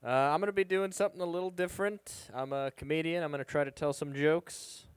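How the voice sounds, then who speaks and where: A man's voice: fairly high pitch, fairly even intonation, a little fast, clear, resonant tone, no echo. A young man doing stand-up comedy at an open mic, talking casually and hesitantly with frequent ums, on a bar stage into a handheld mic. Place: live music bar stage.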